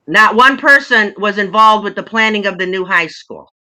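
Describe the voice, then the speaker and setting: Bright-voiced, firm board president. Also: female voice, medium pitch, normal speed, poor audio. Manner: firm, repeats herself to hold the floor. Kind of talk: chairing a heated board meeting.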